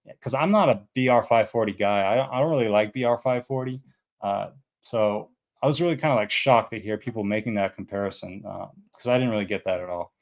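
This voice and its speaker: A man's voice: lowish voice, a little fast. A man of about thirty reviewing fragrances in a casual, rambling chat, full of fillers and easy enthusiasm.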